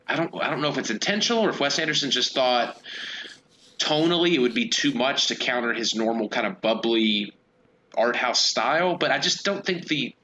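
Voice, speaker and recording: A man's voice: medium pitch, lively intonation, moderate pace, bright, forceful tone, a little hiss or hum, poor audio. A man discussing a film on a podcast in a thoughtful way, with hesitant restarts. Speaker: podcast co-host.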